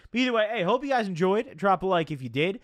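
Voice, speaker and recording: A young man spins a story for his stream in loose, swearing slang, his voice sitting a bit high and swooping up and down. The sound is close and dry. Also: expressive, quick pace, no echo. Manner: profane, rambling, slangy. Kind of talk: casual storytelling.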